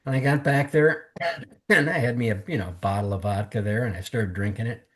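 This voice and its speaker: This podcast guest talks briskly in a mid-range male voice, candidly relating his testimony and voicing what others told him. His earnest storytelling is emotional, bordering on tears.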